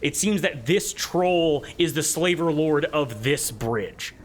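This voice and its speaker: A man's voice: a little high, animated, takes it slowly. A man narrating a tabletop game as game master, rambling with many fillers.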